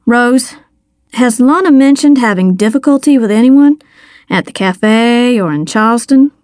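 A woman reading an audiobook, voicing a steady, businesslike male sheriff. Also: on the high side, unhurried, no echo, studio quality. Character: male small-town sheriff, calm and commanding. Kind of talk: audiobook character voice.

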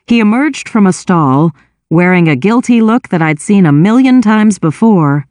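A woman reading a first-person novel aloud with wry, expressive storytelling. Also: medium pitch, moderate pace, no echo, clean studio sound. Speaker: audiobook narrator.

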